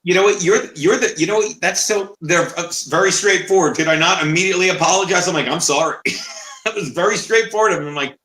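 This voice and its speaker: Loud, high-voiced swearing man. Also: fast. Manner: loud, swearing, laughing storyteller. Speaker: co-host. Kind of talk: casual chat. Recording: echoey room.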